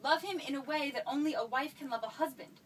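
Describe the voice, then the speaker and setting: A woman with a high voice speaks quickly in a lightly acted stage play, cast as a flustered, anxious mother who keeps evading her teenage daughter's questions. She sounds fretful and pleading, and the distant mic picks up faint noise.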